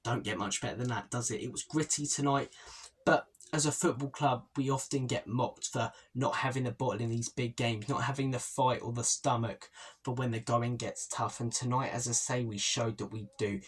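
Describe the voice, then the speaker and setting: Man, young adult, husky, mid-pitched, chatty match-reaction vlog, opinionated. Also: fairly even intonation, normal speed. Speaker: football fan channel host. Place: holiday stay by the sea.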